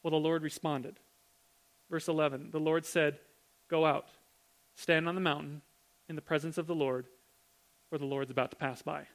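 A man with a notably high voice preaches a sermon at a normal speed with long pauses. He's conversational and animated, repeatedly putting questions to his listeners.

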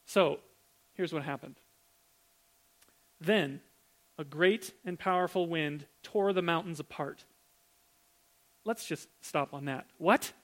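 A man preaching a sermon in a conversational, animated way, full of rhetorical questions. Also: high-pitched.

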